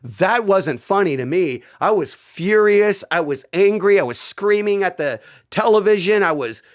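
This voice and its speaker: Excited middle-aged guy telling a story, voice jumps all over, keeps repeating himself. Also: high-pitched, unhurried. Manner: animated, repeats himself, breaks into laughter. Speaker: channel host.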